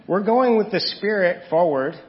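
A man's voice: high-pitched, expressive, normal speed. A man preaching a sermon as pastor, emphatic and exhorting the congregation. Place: church sanctuary. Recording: lo-fi recording with long church reverb.

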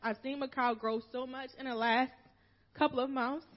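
A woman's voice: high-pitched, steady tone, normal speed, muffled recording. A woman from Philadelphia reading a prepared farewell speech to her church, emotional and holding back tears. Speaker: minister's wife giving a farewell talk.

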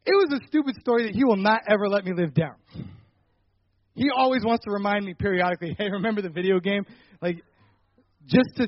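A young man giving a personal faith testimony, telling a story animatedly and getting loud at the dramatic parts. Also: high voice, no room sound, dull audio. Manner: animated storytelling, rising loud when retelling anger.

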